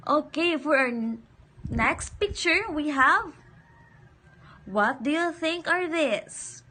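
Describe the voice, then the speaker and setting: A woman teaching a phonics lesson to young children, saying each word slowly and repeating it for the class to echo. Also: high voice, lively intonation, sharp tone.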